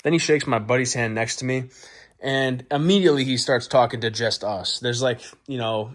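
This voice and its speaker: A man's voice: mid-range voice, moderate pace. A man hosting his own channel, telling a comic story in a crude, boastful way with lots of swearing. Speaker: vlog host. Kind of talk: profane comedic storytelling.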